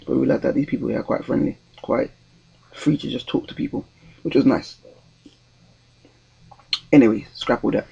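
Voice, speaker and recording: A man's voice: mid-range voice, moderate pace, gravelly, long pauses, mellow, slightly rough, dull audio. A young man, telling a story in a casual vlog with a rambling, hesitant delivery full of ums and restarts. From London, England. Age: 20s. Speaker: vlogger.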